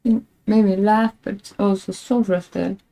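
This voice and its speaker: A woman's voice: medium pitch, steady tone, moderate pace, vocal fry, mellow, rough recording. A woman streamer chatting casually and rambling, laughing at herself while frustrated with her stream setup. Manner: rambling, self-mocking, laughs often; frustrated with tech. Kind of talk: casual live-stream chat.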